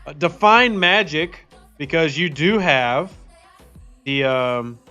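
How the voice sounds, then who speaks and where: Upbeat male streamer, fairly high voice, chatty with viewers; slightly dull audio, faint music under. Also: takes it slowly, pushed and bright. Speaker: game streamer. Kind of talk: casual live-stream chat.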